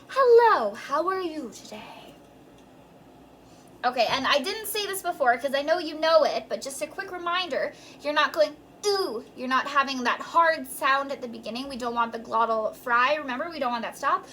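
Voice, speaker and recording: A young woman giving a recorded voice lesson, talking students through warm-ups with clear, encouraging instructions. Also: sits high, slight background noise. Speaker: voice teacher.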